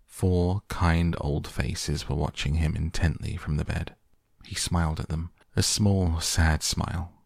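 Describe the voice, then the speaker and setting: A man narrating a children's novel in a measured storytelling manner. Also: rumbling low, gravelly, husky, dry recording, studio quality. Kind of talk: audiobook reading of a children's novel.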